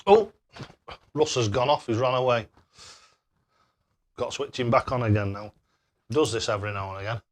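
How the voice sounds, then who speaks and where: A man's voice: mid-range voice, normal speed, pauses often. A young man hosting a live stream, chatting casually and thanking viewers by name. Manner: cheery, excitable.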